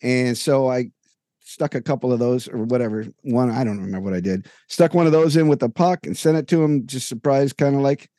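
Podcast guy rambling through a long story, warm mellow voice, dry sound, does all the dialogue himself. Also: mid-range voice, brisk, no echo. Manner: long, detailed anecdotes with lively retold dialogue. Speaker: podcast co-host. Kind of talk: casual storytelling chat. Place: home room with jerseys on the wall.

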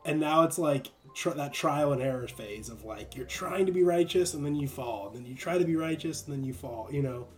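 Animated young man chatting about faith. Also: fairly high pitch, fairly quick, few pauses, soft background music. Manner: animated, laughing, acts out voices. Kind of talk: casual faith discussion.

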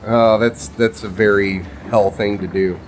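A man narrating a tabletop game as game master, halting, with many ums and uhs. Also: fairly low pitch, fairly even intonation, faint music behind.

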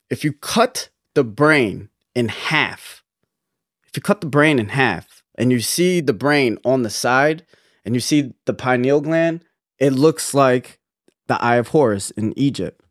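A man's voice: medium pitch, expressive, unhurried, dry recording, studio quality. A young man co-hosting a casual podcast chat, talking earnestly in long rambling runs with many restarts. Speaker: podcast co-host.

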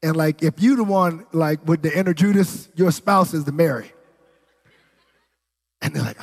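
A pastor preaches a sermon in a large hall, his voice on the high side with some vocal fry. He moves at a moderate pace and pauses often, telling a personal story conversationally, acting out what people said and slipping in asides.

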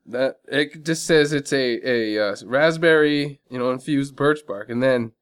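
A married man co-hosting a casual beer-tasting podcast, laid-back and telling dry deadpan jokes. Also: medium pitch, measured pace, smooth. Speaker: podcast co-host. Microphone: studio microphone.

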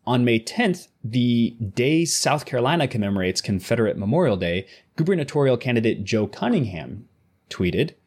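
A man with a husky, slightly rough voice talks in a casual podcast discussion. His pitch swings widely, jumping up sharply when he presses a point. He alternates between loose chat and reading news passages aloud. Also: moderate pace. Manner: animated, voice jumps up when making a point. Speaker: podcast co-host.

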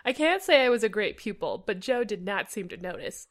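A woman's voice: mid-range voice, expressive, fairly quick. A woman co-hosting a comedy podcast, reading a story aloud in a dry tone and cracking up at the text. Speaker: podcast co-host reading fan fiction.

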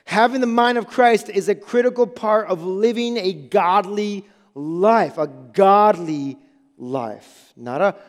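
Speaking slowly in a high voice, a pastor delivers an emphatic sermon, returning to key phrases and checking in with his listeners. The recording comes from a church sanctuary with music and a long hall reverb.

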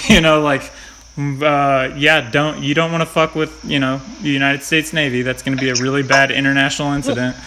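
Bright, lively storytelling man. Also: medium pitch, moderate pace, slight background noise. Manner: swears a lot, tells stories with laughs. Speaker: podcast host. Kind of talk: casual chat.

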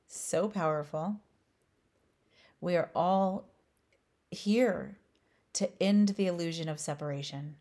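A woman teaching on spirituality, asking slow, emphatic rhetorical questions. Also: sits low, a little mellow. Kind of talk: inspirational spiritual talk.

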